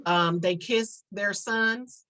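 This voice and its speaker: A woman joins a casual panel chat, talking freely and often chiming in with short, warm-hearted agreement. Her pitch sits in an everyday middle range. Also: a crowd in the background. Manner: chatty, quick with short affirmations.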